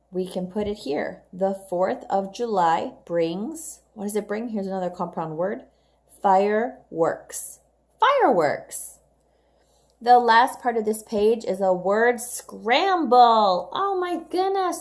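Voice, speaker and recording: A woman teaching English to young learners in a recorded homework lesson, patiently modeling each word twice for the children to repeat. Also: mid-range voice.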